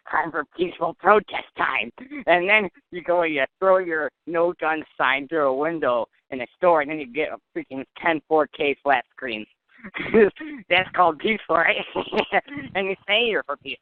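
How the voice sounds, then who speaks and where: A man's voice: fairly high pitch, no room sound. A man hosting a joking call-in comedy show, mock-serious and teasing, with a cold. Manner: mock-serious, teasing, laughs at his own jokes. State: has a cold. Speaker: host. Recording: tinny, dry phone-line audio.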